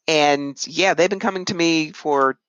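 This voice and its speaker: Lively woman guest telling stories, dry sound. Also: low voice, unhurried, no room sound, muffled recording. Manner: animated, puts on voices when quoting others. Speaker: psychic medium and author, guest. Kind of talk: conversational interview storytelling.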